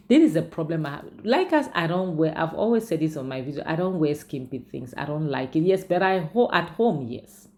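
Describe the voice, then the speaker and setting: A woman's voice: low-pitched, lively intonation, a little fast, hardly any pauses, dark tone. A woman casually retelling a film's story as a reviewer, chatty and emphatic with frequent asides. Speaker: movie reviewer. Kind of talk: casual storytelling recap with personal opinions.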